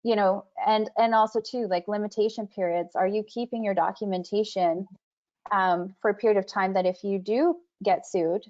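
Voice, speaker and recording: A woman's voice: mid-range voice, fairly even intonation, moderate pace, darkish tone. A woman on a webinar panel talking about records and privacy in a conversational way, with many fillers and restarts. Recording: muffled video call audio.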